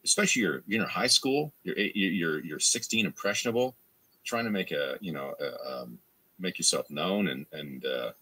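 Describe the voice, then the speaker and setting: A man's voice: expressive, moderate pace, sharp tone, slightly rough. A man from Canada, a voice actor answering interview questions in a rambling, casual way, full of restarts and fillers. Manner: acts out quoted fans in a higher voice. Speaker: voice actor guest.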